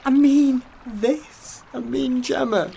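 An actor playing a young man who has been drugged, frightened and grieving a lost love, his voice swinging high and low and breaking into sobs. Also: slow pace, vocal fry, mellow, a little hiss or hum, full character voice, low-quality recording. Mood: despairing. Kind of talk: audio drama acting.

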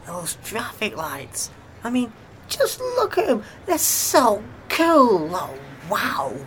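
A man's voice: wildly swooping pitch, slow, fairly bright tone, slight background noise, full character voice, low-quality recording. A man playing a drugged, heartbroken young Englishman. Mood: dazed, dreamy. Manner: emotional, voice swinging high and low, breaking into sobs. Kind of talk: audio drama acting.

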